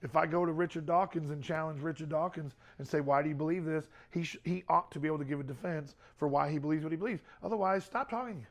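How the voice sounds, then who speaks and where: A man's voice: a little high, quick pace, hardly any pauses. A middle-aged man speaking to a youth group in a casual, conversational way, often repeating words and using fillers.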